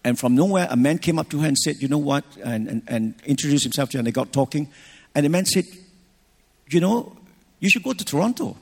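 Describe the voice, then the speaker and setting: A middle-aged man with a husky, slightly breathy voice gives a sermon. He tells a personal story with lively, restarting phrasing. His words carry a long echo through a large church hall. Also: medium pitch, quick pace. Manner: animated, personal anecdotes with restarts. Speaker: pastor.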